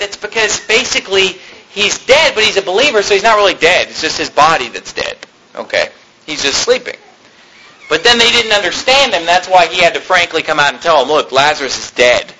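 A man's voice: sits high, pushed and bright, slight background noise, rough recording. A man preaching a sermon, reading scripture and retelling it in plain, conversational terms with frequent rhetorical questions.

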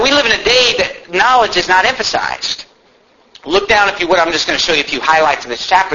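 Emphatic preacher man, bright lo-fi sound. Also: high voice. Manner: emphatic preaching, reads verses slowly, rising on exhortations. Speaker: pastor. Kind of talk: sermon. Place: church sanctuary.

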